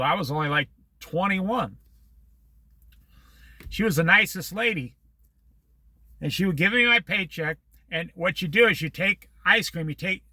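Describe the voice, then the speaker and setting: High bright-voiced man rambling. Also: no echo. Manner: rambling, storytelling with religious asides. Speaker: vlogger. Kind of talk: casual talk to camera.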